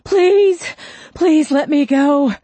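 Woman voicing a raspy, panicky male ex-con. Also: on the low side, animated, unhurried, mellow, dry recording, heavily acted. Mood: panicked begging. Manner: pleading, screaming in panic. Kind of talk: audiobook character voice.

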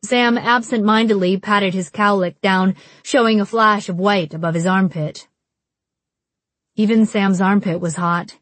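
Brief: female audiobook narrator, measured and wry, unhurried delivery. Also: medium pitch, steady tone, dry recording.

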